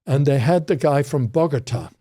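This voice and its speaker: A man's voice: medium pitch, normal speed, warm tone. An older man, a criminology professor, telling rambling stories with frequent restarts in a casual interview.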